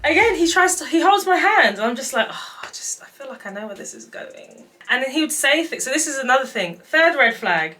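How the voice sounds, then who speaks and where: A young woman with a bright, lively voice spins a casual story, slipping into quoted voices and laughing as she goes. She sits a touch higher in pitch than most women. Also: fairly quick, few pauses. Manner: animated, acts out quotes, laughs often. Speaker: vlogger telling dating stories.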